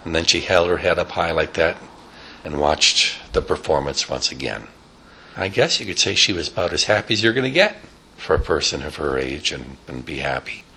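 Animated low husky male storyteller. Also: normal speed. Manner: animated, with sound effects and rambling asides. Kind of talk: improvised oral storytelling.

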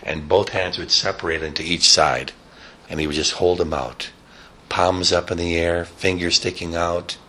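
A man telling a rambling, improvised story, animated, with sound effects and casual asides. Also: low voice, normal speed.

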